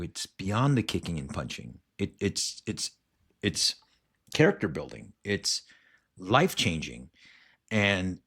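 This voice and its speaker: Co-host type: a low-voiced man in his thirties, lively storyteller, casual podcast delivery. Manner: animated storyteller, acts out quoted voices. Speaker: podcast co-host, martial arts school owner.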